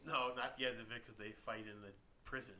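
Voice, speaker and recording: A man co-hosting a casual podcast chat about comics, talking in a low monotone to save his voice, blunt and wisecracking. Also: a little fast, slight background noise. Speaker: podcast co-host.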